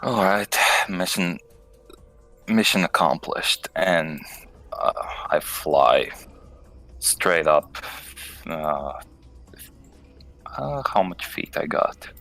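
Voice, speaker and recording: A man's voice: low voice, expressive, bright, forceful tone, faint music behind. A man playing a tabletop game, speaking hesitantly and declaring his moves. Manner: slow, hesitant, laughing with the table. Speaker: player. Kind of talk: casual tabletop play.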